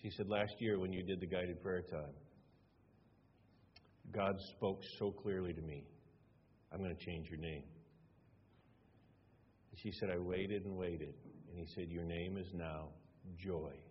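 In a deep, steady voice, a man preaches as pastor, moving a little slowly and pausing often as he recounts stories conversationally and acts out each exchange with varied emphasis. Slight background noise sits under a dull recording with long hall reverb.

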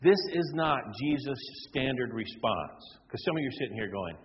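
A man preaching a sermon, animated and acting out the people in his story. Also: medium pitch, moderate pace, few pauses, slight background noise. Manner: animated, acts out quoted voices. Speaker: pastor. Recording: dull sound in a reverberant hall.

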